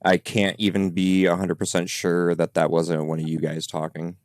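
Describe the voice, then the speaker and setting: A man's voice: deep voice, monotone, moderate pace, darkish tone. A man who investigates the paranormal, chatting casually on a podcast about recordings his team captured. His talk is loose and rambling, full of fillers. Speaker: paranormal investigator reviewing evidence.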